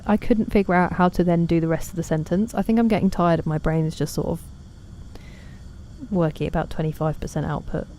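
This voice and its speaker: A woman's voice: deep voice, mellow, slight background noise. A woman chatting casually while streaming a game, reading and answering chat in a self-deprecating way.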